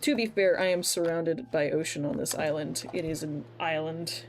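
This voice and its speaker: A woman livestreams a video game, chatting casually, swearing freely, and reading chat messages out loud. Her tone is steady and her pace normal, in a medium-pitched voice she wishes were deeper.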